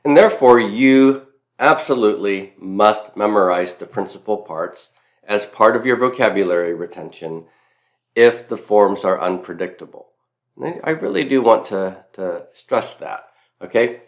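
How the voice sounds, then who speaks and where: A deep-voiced Latin teacher from Mississippi, with a Southern accent, delivers a recorded grammar lecture at a moderate pace. He's expressive and emphatic, repeating key points and slipping in self-deprecating asides.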